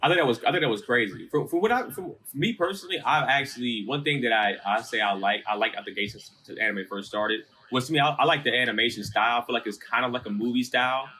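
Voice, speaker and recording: A man co-hosting a podcast, sharing opinions in a halting way, often repeating words as he builds his point. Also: medium pitch, pushed and bright. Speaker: podcast co-host. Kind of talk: casual chat.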